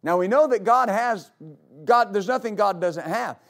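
A man's voice: sits high, normal speed. A man preaching a sermon to a congregation as pastor, emphatic, repeating key phrases for weight. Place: church service before a congregation.

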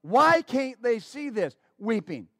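A man's voice: very high voice, big pitch swings, slow, no room sound, clean studio sound. A man preaching a sermon as pastor, fervent and exclaiming praise, with stammering restarts.

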